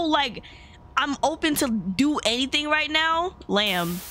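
Lively, bright-voiced woman gamer. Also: sits high, a little slow, a little hiss or hum. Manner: chatty, easily startled, talks to viewers. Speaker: gaming video host. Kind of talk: casual gameplay commentary.

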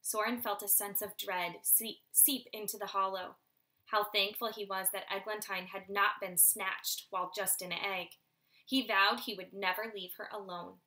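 A woman reading a children's novel aloud in steady storytelling narration. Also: mid-range voice, moderate pace. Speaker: audiobook reader. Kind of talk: scripted audiobook narration.

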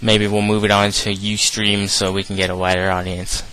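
A young man hosts a casual podcast in a shared room, joking and teasing his friends and laughing often. His voice sits a little low. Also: little pitch movement, moderate pace, sharp tone, clear, resonant tone, rough recording. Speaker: podcast host. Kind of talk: casual chat. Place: shared room with a passed mic.

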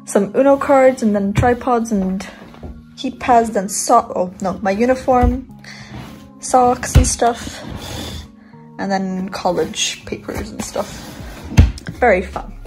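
A woman's voice: fairly high pitch, a little mellow, rough recording. A woman in her twenties giving a casual bedroom tour, chatty and rambling with little giggles, filming on a handheld phone in her bedroom. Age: 20s. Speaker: vlogger. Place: bedroom, indoors.

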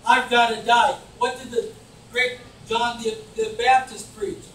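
High voiced preacher guy, fired up sermon, far off in a echoey church. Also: flat delivery, unhurried, slight background noise. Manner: fervent preaching, rising to shouts, mock voices. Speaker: pastor. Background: congregation calling back.

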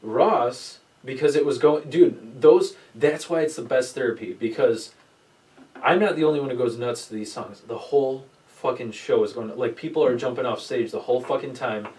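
A man on a casual podcast spins a rambling, profane story, raising his voice when he quotes friends. He sits a little away from the mic, so he sounds distant. He talks at an everyday middle pitch. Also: normal speed. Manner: rambling storyteller, swears a lot, animated quoting. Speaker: podcast host. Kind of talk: casual chat.

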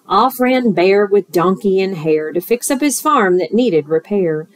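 Woman teacher for a storytime read-aloud: slow and expressive, rhythmic, talks to kids. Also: medium pitch, dry recording. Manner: expressive, rhythmic, with asides to children.

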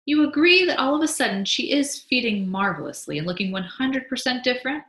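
A woman's voice: high voice, expressive, a little fast, fairly bright tone, voice pushed up. A woman voicing a sly, boastful male beekeeper who teases his wife, in a read-aloud story. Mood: teasing. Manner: teasing, pleased with himself. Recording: echoey room.

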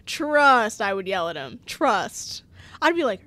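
High, lively young woman gamer. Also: takes it slowly, dry recording. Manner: animated, laughs often, swears when annoyed. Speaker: gamer playing a story game. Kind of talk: casual gameplay commentary.

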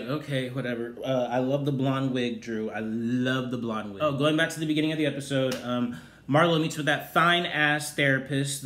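A man giving a sassy, profane recap of a reality show, with loud exclaimed outbursts. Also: medium pitch. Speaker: TV recap host. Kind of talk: casual review commentary. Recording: roomy echoey room.

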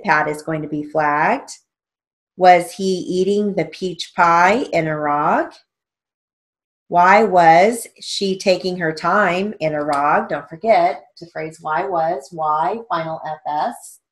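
Slow, measured woman dictating a lesson. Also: fairly low pitch. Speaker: steno theory instructor.

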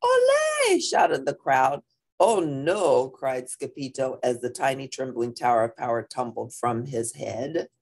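A woman reading a children's picture book aloud in an expressive, playful way. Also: rumbling low, unhurried, few pauses, breathy edge. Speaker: storybook reader.

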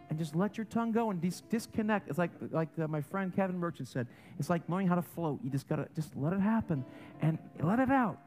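Pastor, man, high voice, lively joking sermon, soft music under. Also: brisk. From German and Italian heritage. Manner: animated, joking, swings between loud and soft. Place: church sanctuary.

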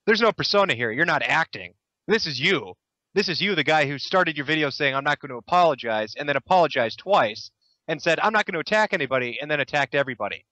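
A young man giving sarcastic, mocking commentary over a video, answering it with deadpan jabs. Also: a little high, quick pace, dry recording, lo-fi sound.

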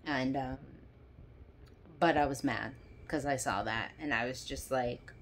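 A young woman vents into her phone camera in a heated, sarcastic rant. She swears freely and breaks into bitter laughs. Her words come at an unhurried pace. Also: very deep voice, a little hiss or hum. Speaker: vlogger. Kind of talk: angry personal rant to camera.

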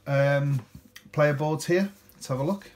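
A man's voice: a little high, unhurried, darkish tone. A man casually talking through a board game unboxing, chatty and rambling, often ending with tag questions.

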